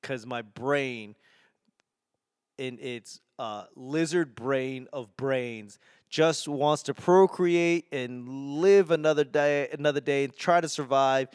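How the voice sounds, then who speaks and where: A man's voice: medium pitch, slow, clean tone, no echo, studio quality. Rambling forty-something man with a faint Boston accent. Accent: softened Boston. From Boston area, New England. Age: 40s. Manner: rambling, self-mocking, wry asides. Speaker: podcast host and stand-up comedian. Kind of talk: solo casual podcast rambling.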